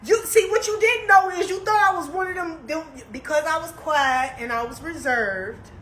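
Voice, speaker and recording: A young woman on a live stream, telling a story in casual slang that moves from calm asides to heated outbursts. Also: very high-pitched, moderate pace, reverberant, a little hiss or hum, low-quality recording.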